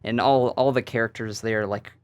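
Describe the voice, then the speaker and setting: Halting, giggly man guest, dry sound. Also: medium pitch, steady tone, smooth, no room sound. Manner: halting, many fillers and nervous laughs. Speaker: podcast guest. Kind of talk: casual chat.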